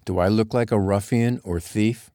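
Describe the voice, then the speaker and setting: Casting: narrator playing an easygoing Western cowboy, deep lazy drawl, low voice. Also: male voice, fairly even intonation, moderate pace, warm tone, dry recording, clean studio sound, close to an everyday voice. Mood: amused, easy.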